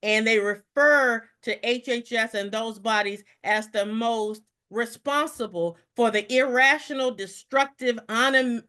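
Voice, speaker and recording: A middle-aged woman, national president of a federal employee organization, gives a live online discussion briefing. Her fairly high, bright voice moves fast and excitedly, and she repeats words when she rushes.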